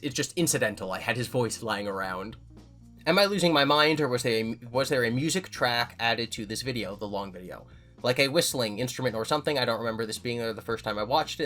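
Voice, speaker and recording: A man's voice: fairly low pitch, fast, fairly bright tone, faint music behind. A man hosting his own channel, answering viewer questions in casual chat and thinking aloud with frequent restarts.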